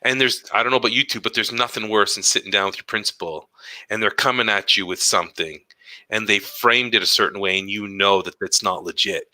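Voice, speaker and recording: Bright-voiced male educator telling stories. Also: fairly low pitch, fairly quick, dry recording, low-quality recording. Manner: animated storytelling, acts out quoted dialogue. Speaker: podcast co-host, educator. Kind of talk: casual chat.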